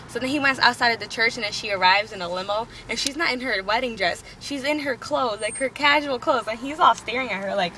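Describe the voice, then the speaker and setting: A woman's voice: on the high side, quick pace, few pauses, background noise. A woman chatting casually, retelling a story in a rambling, breathless way full of fillers. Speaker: storyteller recapping a show. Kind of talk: casual chat.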